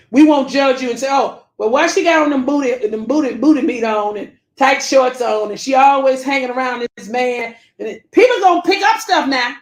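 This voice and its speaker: Woman host, high pitch, blunt repetitive commentary, roomy sound. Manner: blunt, preachy, repeats herself, Southern Black vernacular phrasing. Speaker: livestream host reading viewer comments. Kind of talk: casual commentary livestream.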